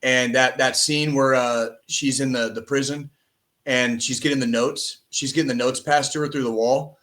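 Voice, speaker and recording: A man's voice: mid-range voice, steady tone, moderate pace, fairly bright tone. Profane, emphatic male podcast host. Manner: profane, emphatic, repeats "okay?" and "all right?". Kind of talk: impassioned podcast monologue.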